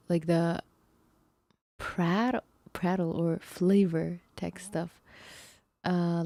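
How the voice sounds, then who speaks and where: A woman livestreamer talks casually over a math lesson, her low voice creaky and mellow. She thinks aloud with fillers and small laughs, close and dry on the mic. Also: dry recording. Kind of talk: casual chat reacting to a video.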